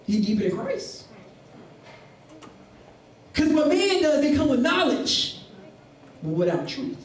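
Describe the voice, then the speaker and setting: Pastor guy preaching, pretty high voice, sounds far off in a big echoey room. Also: takes it slowly, pauses often. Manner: animated preaching, acting out voices of people in the story. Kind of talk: sermon. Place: church. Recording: echoey room, mic at a distance.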